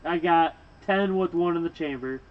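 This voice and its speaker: A man's voice: a little high, moderate pace. A man in casual chat who keeps correcting details and chiming in over his partner. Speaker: podcast co-host. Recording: dull lo-fi recording with faint noise.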